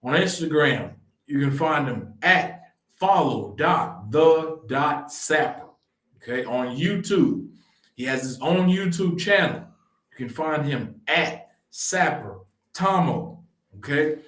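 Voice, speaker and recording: Podcast host, man, slow and deliberate, roomy echoey sound, checks in with "okay?". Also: a little high. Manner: tags lines with "okay?", steady plug reading. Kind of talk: casual interview and show promo.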